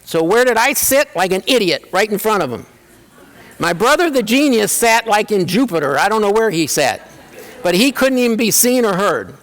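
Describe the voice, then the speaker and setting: Animated man telling stories in a hall. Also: high-pitched, normal speed. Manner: animated, acts out family members in quoted voices. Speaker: keynote speaker. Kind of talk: humorous personal storytelling. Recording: reverberant hall.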